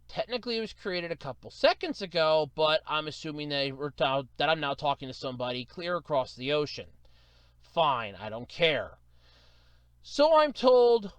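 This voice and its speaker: A man's voice: fairly high pitch, sing-song, normal speed, a bit bright, clear, resonant tone, no room sound. A man hosting his own podcast, telling an exasperated story and mimicking customer service agents. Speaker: podcast host. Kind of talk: solo podcast rant.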